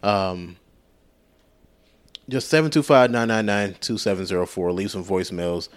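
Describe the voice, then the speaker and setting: A man's voice: low-pitched, normal speed. A man co-hosting a podcast in casual, rambling chat, loose and profane with plenty of fillers. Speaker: podcast co-host.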